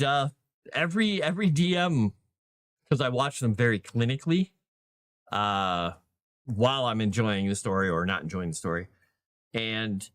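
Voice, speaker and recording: A man's voice: medium pitch, fairly bright tone, no echo, clean studio sound. A man chatting casually on his livestream, rambling with many fillers and restarts as he talks about running tabletop games. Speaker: livestream host and game master.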